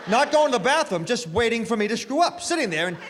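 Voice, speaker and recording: Male stand-up comedian, high-pitched, very animated, self-mocking, long hall reverb. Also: fast talker. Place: live comedy venue. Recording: live stage with hall reverb, faint noise.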